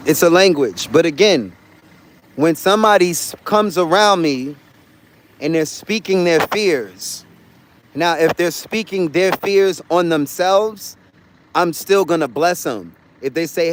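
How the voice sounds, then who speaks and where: A man's voice: on the high side, lively intonation, a little slow. Blunt, profane man ranting to his chat. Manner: blunt, profane, repetitive and emphatic. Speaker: livestreaming traveler talking to chat. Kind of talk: casual livestream rant.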